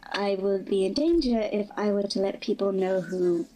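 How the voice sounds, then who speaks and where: British woman behind a voice changer, mellow dark tone, slow and guarded anonymous testimony. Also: mid-range voice, slight background noise, low-quality recording.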